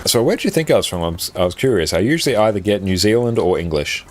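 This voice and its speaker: An Australian live streamer from South Australia chats casually with viewers while gaming, reading out their questions and laughing easily in a relaxed way. His lowish voice moves at a quick pace through a desk microphone, with slight background noise.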